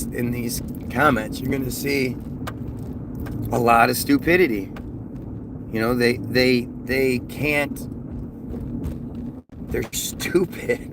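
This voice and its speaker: A man's voice: a little high, background noise. A man ranting in an unscripted monologue, sarcastic and profane, stumbling over restarts and repeated words. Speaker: vlogger.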